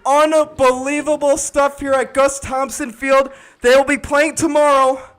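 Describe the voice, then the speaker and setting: A young man calling a college baseball game live, excitable and shouting on big plays, and out of breath near the end. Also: very high-pitched, unhurried. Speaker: play-by-play announcer.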